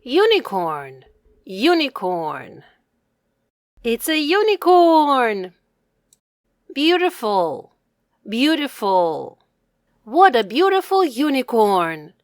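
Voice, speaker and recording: A woman giving an English reading lesson to a child, saying words slowly and clearly and repeating them for the learner. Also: a little high, very animated, no echo, clean studio sound.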